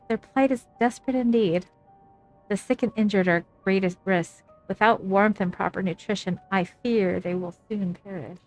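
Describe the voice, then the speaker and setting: A woman's voice: mid-range voice, darkish tone, dry recording, natural voice, low-quality recording. Woman reading as an earnest, caring healer. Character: compassionate carer of the sick.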